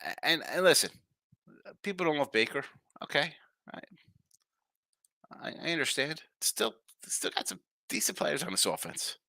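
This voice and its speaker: A man hosting a live sports betting stream, talking straight to viewers in a brash, jokey way. His voice swings widely in pitch and sounds bright and sharp. The recording is dry and close. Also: very animated, moderate pace, gravelly, pauses often, no room sound. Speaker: sports betting show host. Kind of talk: live betting picks chat, reading comments.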